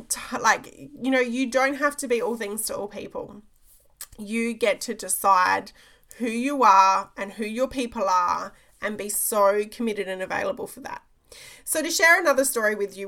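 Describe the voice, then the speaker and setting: A woman's voice: on the high side, bright, forceful tone. A woman, a business coach giving an emphatic motivational talk, repeating phrases and checking in with "okay?".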